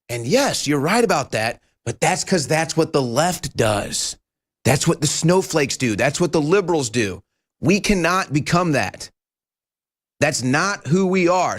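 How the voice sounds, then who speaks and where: A man hosting a studio talk show, delivering an animated political commentary monologue with emphatic rhetorical questions. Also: high-pitched. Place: broadcast studio.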